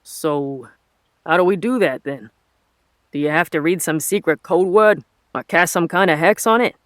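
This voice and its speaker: A man voicing a male dig site foreman with a thick Boston accent, talking loud and blunt. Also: a little high, moderate pace, no room sound, studio quality, natural voice. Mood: puzzled. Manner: loud, pushy, blunt questions.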